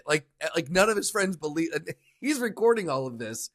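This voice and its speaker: A man's voice: fairly high pitch, expressive, fast, hardly any pauses, a bit bright. A man co-hosting a podcast, chatting casually and telling stories in a loose, rambling way with many fillers. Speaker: podcast co-host. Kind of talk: casual chat.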